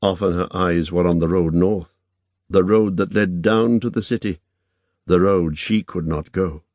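A man narrates a novel in a measured, even storytelling manner. His voice is very deep, and the recording is dry and close to the mic. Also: no echo. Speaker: audiobook narrator. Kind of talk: scripted narration.

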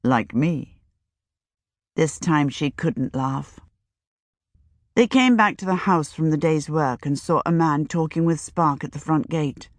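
A woman narrating an audiobook in a measured, even manner. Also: sits low, no echo.

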